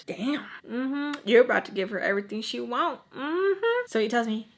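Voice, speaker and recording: A woman tells a personal story in a casual, animated way, acting out every exchange. Her voice sits a little high, she swears freely, and she slips Spanish words into her speech. She hammers points home by repeating phrases. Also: moderate pace. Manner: animated, acts out quotes, drops Spanish words. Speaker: storytime vlogger.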